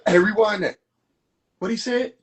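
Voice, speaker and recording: A man ranting and mocking in a profane, animated rant to a live audience, streamed from a phone. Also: high-pitched, slow pace. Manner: animated, profane, rants and mocks. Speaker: livestream host. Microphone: phone livestream.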